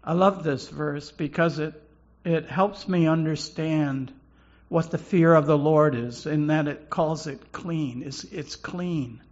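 Slow gravelly-voiced male preacher. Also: on the high side, a little mellow, muffled recording. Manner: slow, halting, repeats words while preaching. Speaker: pastor. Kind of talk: sermon.

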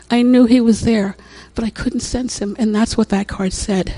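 An older woman shares a personal testimony in a chatty, casual way, often laughing and repeating herself. Her voice is on the high side, warm with a breathy edge, steady in tone and at normal speed.

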